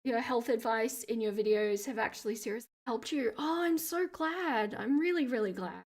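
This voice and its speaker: An Australian woman hosting a livestream, chatting casually as she reads viewer comments aloud, with vocal fry in her lower register and frequent laughter. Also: normal speed, a little mellow. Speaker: livestream host.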